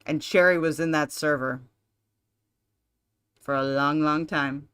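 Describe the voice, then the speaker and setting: A woman's voice: deep voice, fairly even intonation, a little slow, a bit bright, clear, resonant tone. A woman streamer reacting on a live stream, blunt, profane and sarcastic.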